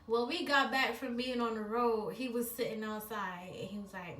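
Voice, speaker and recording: Animated, high-voiced woman telling a story. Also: moderate pace, hardly any pauses, far from the mic, music in the background. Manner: expressive, laughs, acts out dialogue. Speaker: vlogger, relationship coach. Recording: roomy echo, a bit off-mic.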